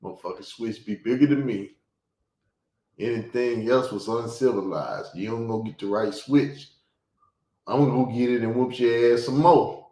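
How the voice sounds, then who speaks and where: A man of middle pitch tells stories loosely and profanely, slipping into loud bursts of laughter. His voice rings in an echoey room. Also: normal speed. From Chicago. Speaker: podcast host. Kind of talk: casual storytelling chat.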